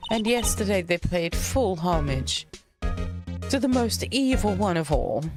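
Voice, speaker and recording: A woman plays a haughty, vindictive lunch lady from a courtroom game, pitched low and purring, every line drawn out slowly with swooping scorn. Music plays steadily behind the voice. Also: expressive, lightly acted. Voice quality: sneering, imperious. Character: haughty posh middle-aged cafeteria lady, vindictive.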